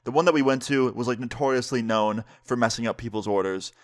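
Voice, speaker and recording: Young man, chatty storyteller, casual vlog, mid-pitched voice, loose filler-heavy delivery. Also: fast. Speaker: vlogger.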